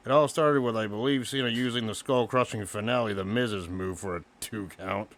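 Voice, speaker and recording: Excited lower-voiced man recapping wrestling. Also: moderate pace. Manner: excited, recaps moves play by play. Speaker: podcast co-host. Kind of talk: casual wrestling review chat.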